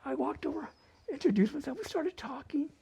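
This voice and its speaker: A man's voice: very high voice, animated, fairly quick, creaky, mellow. A man with a northern New Mexico accent telling humorous personal stories at a community open mic and dropping in Spanish phrases. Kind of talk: casual personal storytelling.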